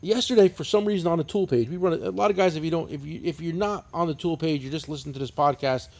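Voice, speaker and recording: Husky, swearing New Jersey man in his fifties. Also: a little high, fast, darkish tone. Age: 50s. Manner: profane, rambling storyteller. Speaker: podcast co-host. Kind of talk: casual chat.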